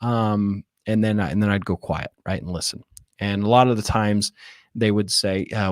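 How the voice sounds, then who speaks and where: Speaking at a normal speed in a lowish voice, this man explains his sales-call approach as a real estate wholesaler in relaxed interview talk. He performs example phone lines and says "right?" over and over, captured in studio quality without echo.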